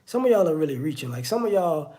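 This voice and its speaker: A man's voice: a little high, very animated, quick pace, dark tone. A man giving a casual spoken monologue, conversational and repetitive. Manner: conversational, repeats "you know what I'm saying". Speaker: online commentator.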